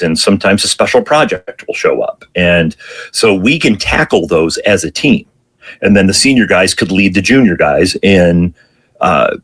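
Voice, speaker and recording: A middle-aged man with a low, husky voice speaks as a fire captain guest on an interview show. He tells his stories in a reflective way and pauses often to gather his thoughts. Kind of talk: storytelling interview answers.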